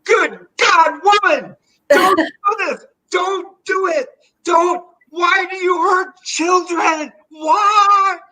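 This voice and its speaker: A man's voice: very high-pitched, drawn-out words, sharp tone, far from the mic, voice pushed up, full character voice, poor audio. A man acting out a panicking little boy who sobs and screams pleas at a nurse. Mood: hysterical. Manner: shrieking, sobbing pleas.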